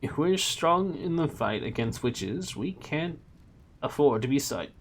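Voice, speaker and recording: A man doing a gruff old Scottish witchfinder. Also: fairly high pitch, animated, a little slow, pitched above the performer's own voice. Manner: growling, dismissive, thick put-on Scottish brogue.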